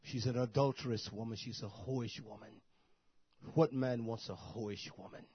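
A man preaching a sermon, who swings from soft, murmured asides to loud, shouted bursts. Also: medium pitch, moderate pace, slightly rough, dry recording, highs cut off.

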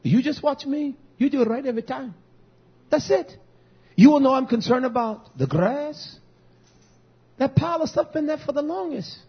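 A man preaching as pastor, telling stories and quoting himself in an animated way. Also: very high-pitched, moderate pace, long pauses, dull audio. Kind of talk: sermon.

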